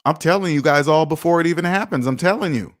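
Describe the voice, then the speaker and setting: A man with a voice on the high side talks fast while hosting a personal finance livestream. Casual and emphatic, he preaches at his viewers and reads their comments out loud.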